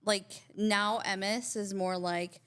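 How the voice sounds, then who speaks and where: A woman's voice: mid-range voice, fairly even intonation, slow pace, a bit bright, clean tone. A woman from southern Albania, a podcast co-host, telling rambling stories in casual chat and acting out the quotes. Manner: rambling storyteller who acts out quotes.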